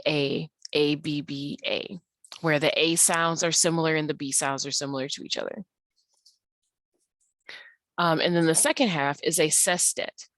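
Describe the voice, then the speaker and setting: A woman's voice: sits low, a bit bright, dry recording. A woman teacher patiently explaining slides in an online tutorial, with frequent ums and uhs. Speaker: English teacher.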